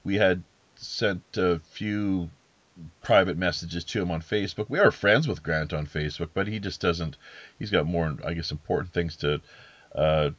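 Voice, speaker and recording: A man's voice: sits low, normal speed, a bit bright, no room sound, dull audio. A man hosting a podcast interview, talking casually in a rambling, hesitant way with many fillers and restarts. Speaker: podcast host.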